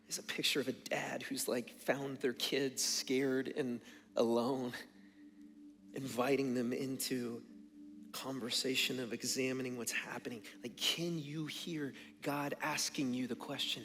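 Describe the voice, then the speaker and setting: Male pastor, earnest sermon delivery that swings hushed to emphatic, reverberant church hall. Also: medium pitch, fairly even intonation, normal speed. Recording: long hall reverb with faint music.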